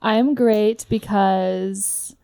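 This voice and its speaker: An upbeat woman co-hosts a casual podcast. Her voice has a lot of vocal fry and sits at a middle pitch. The sound is close and dry, with no room. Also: fairly even intonation, mellow, no echo. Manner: upbeat, drawn-out phrasing with many likes. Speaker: podcast co-host. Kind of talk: casual chat.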